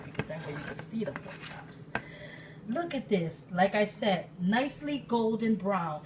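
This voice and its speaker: A woman from Puerto Rico in her thirties, an excitable, chatty cooking-channel host with sudden loud exclamations and laughter, talking casually in her home kitchen. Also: mid-range voice, moderate pace. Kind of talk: casual cooking vlog chat. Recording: distant mic with room noise.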